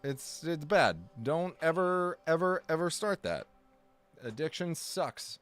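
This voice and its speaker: Soft background music plays as a man speaks slowly in a fairly high, expressive voice with a fairly bright, clean tone. He's rambling through a casual live stream chat, often self-correcting and joking alongside his viewers in chat.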